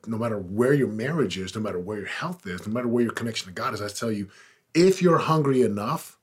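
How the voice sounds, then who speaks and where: A podcast guest in his forties tells his story with quick pacing and lively intonation, his fairly low voice carrying a breathy edge. He speaks earnestly and emphatically in a conversational interview, growing more intense as he goes.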